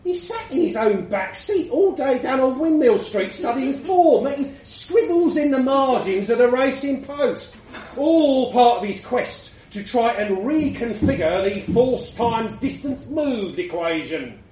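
A man telling a crude story with wry humor, slow and unhurried, his pitch high and swinging widely. The sound is roomy and set back from the mic. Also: expressive, darkish tone, recorded from a distance, a little hiss or hum. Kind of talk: storytelling narration.

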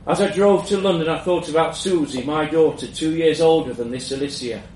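A man narrates a first-person story in an echoey room, his voice fairly high, fairly quick and a little mellow. The mic is at a distance, giving roomy echo, with a faint hum in the background.

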